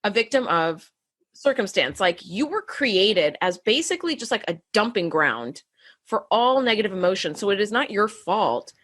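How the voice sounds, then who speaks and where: A woman co-hosting a casual podcast chat, animated, laughing often and acting out quotes. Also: medium pitch, normal speed. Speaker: podcast co-host.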